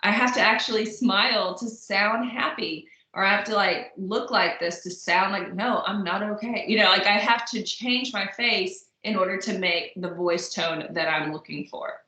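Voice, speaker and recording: A woman's voice: medium pitch, moderate pace, few pauses, sharp tone. A woman instructor giving a recorded lecture in a conversational way, with frequent fillers and asides. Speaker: college instructor. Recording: echoey room.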